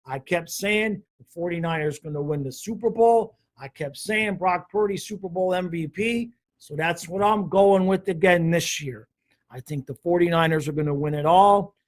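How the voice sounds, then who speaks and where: A man's voice: sits high, normal speed. A man hosting a casual sports chat over a video call, rambling, laughing and poking fun at himself. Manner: laughing, rambling, self-mocking. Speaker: show host.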